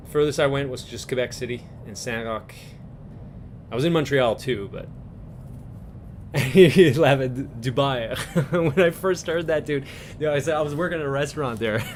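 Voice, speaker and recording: A man's voice: mid-range voice, a little hiss or hum. A man from Newfoundland hosting a live stream, chatting casually with viewers in a rambling way and chuckling often between thoughts. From Newfoundland, Canada.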